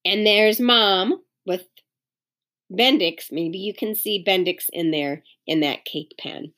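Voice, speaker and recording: A woman reading a children's chapter book aloud as a teacher, pausing to explain words to young listeners. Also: medium pitch, a bit bright. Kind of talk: read-aloud storytelling with explanations.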